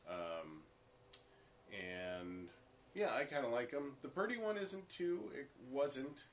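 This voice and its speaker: A man co-hosting a podcast in casual chat, laid-back and halting, with many hesitations. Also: mid-range voice, lively intonation, slight background noise. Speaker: podcast co-host.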